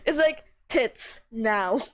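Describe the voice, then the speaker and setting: A woman streamer chatting casually and excitably between voiced game lines, laughing often and swearing. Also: fairly high pitch, drawn-out words. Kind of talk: casual live-stream chat while voicing game characters.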